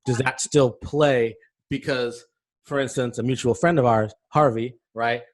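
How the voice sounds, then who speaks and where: An American man hosts a relaxed interview, his voice sitting at a middling pitch. He tells loose, wandering stories and slips into the voices of the people he quotes. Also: unhurried. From United States. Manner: rambling, anecdotal, acts out quoted voices. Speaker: talk show host. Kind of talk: casual interview chat.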